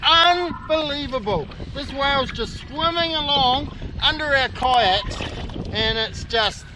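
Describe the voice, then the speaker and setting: A middle-aged man with a New Zealand accent, narrating an excited outdoor vlog from a kayak at sea and often calling out loudly. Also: extremely high pitch, slow pace. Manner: excitable, exclaiming, calls out loudly. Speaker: kayak fishing host. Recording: wind and water noise.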